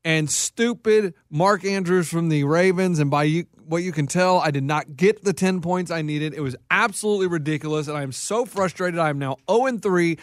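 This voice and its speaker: A high-pitched man talking sports on a podcast, bragging and grumbling with lots of stammered restarts. The sound is dry and close, with no room echo. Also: normal speed, hardly any pauses. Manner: boastful, frustrated, stammering restarts. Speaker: podcast co-host. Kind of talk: casual sports chat.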